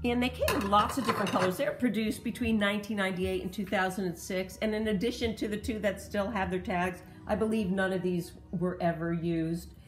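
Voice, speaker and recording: Woman, mid pitch, chatty thrift-haul vlogger, detail-focused, echoey room. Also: a little fast, hardly any pauses. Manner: chatty, detail-focused, explains pottery history. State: slight cough. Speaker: thrift reseller showing finds. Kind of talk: casual show-and-tell vlog.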